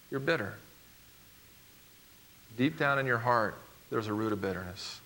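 A male pastor preaching with a bright, forward voice that lands hard on key words. He swings from loud declarations to low, hushed asides, with a middle pitch. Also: animated, a little slow, pauses often. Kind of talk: sermon.

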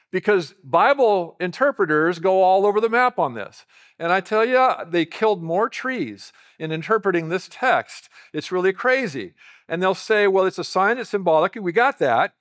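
A male pastor delivers a teaching sermon in a voice pitched a little above the usual. He works through the passage conversationally and keeps putting rhetorical questions to the congregation. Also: fairly bright tone.

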